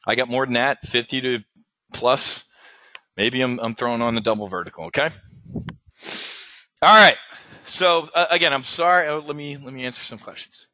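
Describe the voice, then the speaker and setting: A man's voice: medium pitch, moderate pace, long pauses, sharp tone, no room sound. A man hosting a casual live webinar as an options trading coach, stammering and repeating words, blunt and salty, with pilot slang.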